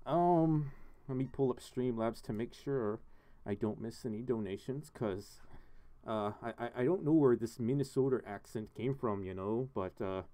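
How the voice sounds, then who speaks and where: A man's voice: mid-range voice, moderate pace, mellow. A man hosting a casual livestream, chatting with viewers, thanking donors and laughing often. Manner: chatty, giggly, reading donations and chat aloud. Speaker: livestream host. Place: home studio.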